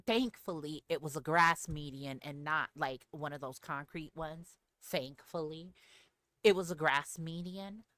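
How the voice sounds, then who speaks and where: A woman streamer telling a story to her live chat in a casual, animated way, laughing often. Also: sits low, a little slow, no room sound.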